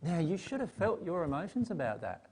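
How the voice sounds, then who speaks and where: A man's voice: sits high, big pitch swings, brisk, darkish tone, slight background noise. Conversational man teaching a group. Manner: conversational, asks the audience questions. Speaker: teacher leading a Q&A session. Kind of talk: live spiritual teaching.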